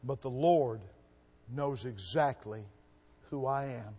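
A male missionary preacher giving a revival sermon, emphatic, shifting between loud exhortation and quiet asides. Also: mid-range voice, slow pace. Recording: echoey hall with long reverb.

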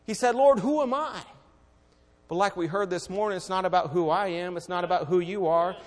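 A man preaching an evening church sermon and praying, swinging between loud exhortation and hushed quiet. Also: high voice, steady tone, fast. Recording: long reverb of a hall.

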